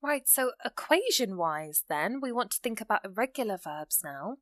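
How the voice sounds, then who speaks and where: A woman teaching an English grammar lesson, explaining rules step by step and reading out example sentences slowly. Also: mid-range voice, sing-song, dry recording.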